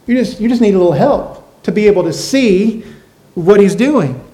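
A man's voice: high voice, lively intonation, normal speed, dark tone, low-quality recording. A man preaching a sermon as pastor, earnest, repeating phrases and asking the congregation questions.

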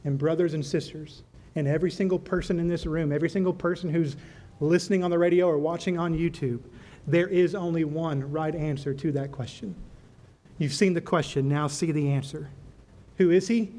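A pastor with a high-pitched, mellow voice delivers a brisk sermon to his congregation in a steady tone. He poses rhetorical questions and answers them himself, telling a story to drive his point home.

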